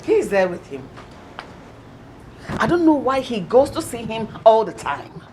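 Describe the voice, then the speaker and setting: A woman's voice: fairly high pitch, very animated, a little slow, a little mellow, slight background noise. An actress with a Nigerian accent playing a scheming queen mother, coaxing and conspiring.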